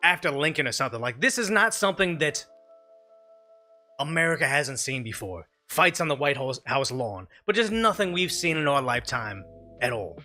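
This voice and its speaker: Forceful bright-voiced male streamer host. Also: on the high side, very animated, normal speed, faint music behind. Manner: emphatic, rambling, restarts mid-sentence. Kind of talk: opinionated live stream commentary reacting to clips.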